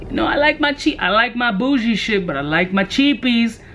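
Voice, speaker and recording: A man's voice: very high voice, lively intonation, moderate pace, pushed and bright. A young man casually reviewing fragrances in a brash, joking way, full of profane street slang. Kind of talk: casual product review vlog.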